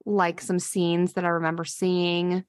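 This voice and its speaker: A woman's voice: on the low side, completely flat delivery, unhurried, clean tone, dry recording. A woman co-hosting a casual podcast, chatting with lots of fillers and restarts and acting out quotes from a film. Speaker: podcast co-host. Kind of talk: casual chat recapping a film.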